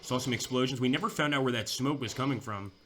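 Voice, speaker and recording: A man's voice: mid-range voice, quick pace, a bit bright, slight background noise. A young man giving casual, chatty commentary over a strategy war game, thinking aloud with fillers and restarts. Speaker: gameplay commentator.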